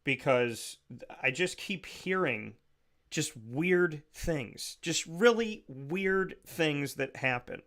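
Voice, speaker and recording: A man's voice: fairly high pitch, expressive, slow, a bit bright. Incredulous man ranting on radio. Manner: incredulous, sarcastic, rambling with restarts. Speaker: radio show host. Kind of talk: casual radio monologue.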